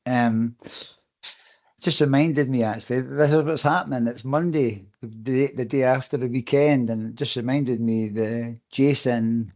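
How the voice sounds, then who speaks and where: A man telling race stories casually on a podcast, relaxed and swearing now and then. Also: medium pitch, unhurried, muffled recording. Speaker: podcast co-host and race runner.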